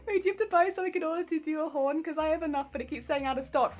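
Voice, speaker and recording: A woman's voice: high-pitched, steady tone, racing, a little hiss or hum. A woman streaming while she crafts a cosplay, chatting casually, giggling often and reading out her chat. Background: soft background music.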